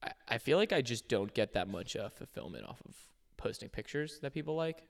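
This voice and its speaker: A man's voice: mid-range voice, sing-song, a little fast, gravelly. Young man rambling on a podcast. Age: young adult. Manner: rambling, many restarts and fillers. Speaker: podcast co-host. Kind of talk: casual chat.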